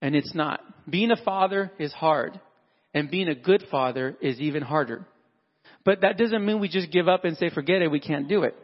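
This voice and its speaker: A man's voice: a little high, moderate pace, in a large hall, lo-fi sound. A man addressing fathers at church in a conversational, sermon-style talk, acting out everyday dialogue. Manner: conversational, acts out dialogue with animated voices.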